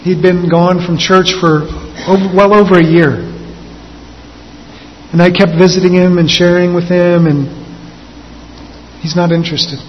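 A man pastor delivering an earnest sermon, slowing and lifting his voice for emphasis. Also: sits high, steady tone, a little hiss or hum. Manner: earnest preaching, slows and lifts for emphasis. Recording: dull sound with long hall reverb.

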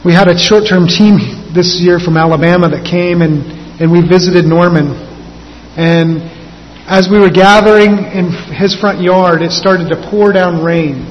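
A man pastor delivering an earnest sermon, slowing and lifting his voice for emphasis. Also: sits high, steady tone. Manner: earnest preaching, slows and lifts for emphasis. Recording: dull sound with long hall reverb.

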